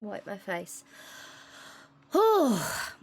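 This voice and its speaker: A woman's voice: medium pitch, wildly swooping pitch, extremely slow, breathy edge. A woman streamer crying while reacting to a game, swearing and laughing through her tears.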